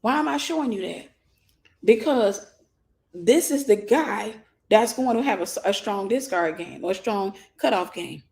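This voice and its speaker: A woman minister giving an animated teaching sermon, acting out scenes and speaking straight to her listeners. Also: medium pitch, moderate pace, gravelly. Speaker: minister and mentor.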